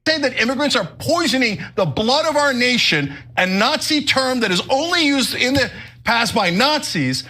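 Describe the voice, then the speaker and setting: Man arguing hard, real high bright voice, rattles off accusations fast. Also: expressive. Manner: forceful, rapid lists of accusations, mocking quotes. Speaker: show host in debate. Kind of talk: heated political debate.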